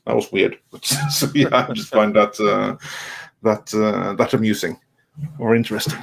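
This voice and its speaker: A man's voice: lowish voice, level tone, normal speed, gravelly. Man hosting a casual roundtable. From Norway. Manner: hesitant, many fillers and restarts. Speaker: host.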